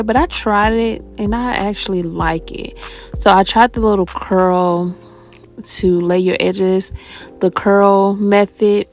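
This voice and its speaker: Gravelly-voiced chatty woman vlogger. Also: medium pitch. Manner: chatty, addresses viewers as y'all. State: out of breath and tired. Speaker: hair tutorial vlogger. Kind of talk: casual tutorial voice-over.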